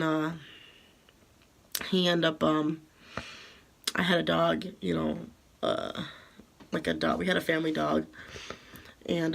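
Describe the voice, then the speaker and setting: Young woman with a gravelly, halting voice. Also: sits low. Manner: halting, many fillers like "um" and "like". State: emotional, holding back tears. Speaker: vlogger. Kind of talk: storytime vlog.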